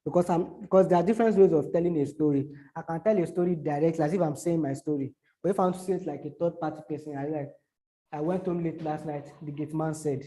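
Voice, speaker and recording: Halting man teaching. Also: on the high side, warm tone. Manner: repetitive, halting, gives spoken examples. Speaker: social media marketing teacher. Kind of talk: explaining to a small audience.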